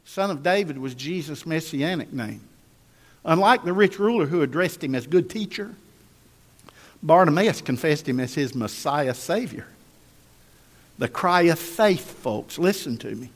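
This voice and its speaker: A man's voice: a little high, lively intonation, measured pace. A man preaching a sermon in an emphatic, repetitive style, calling on the congregation to answer and read along. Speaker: pastor. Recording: long echo of a large hall.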